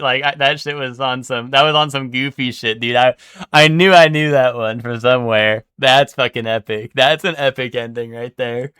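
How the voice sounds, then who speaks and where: A man's voice: mid-range voice, fairly even intonation, moderate pace, bright, forceful tone, clear, resonant tone, no room sound, studio quality. A young man streaming live, thinking aloud and guessing in casual, swearing chatter.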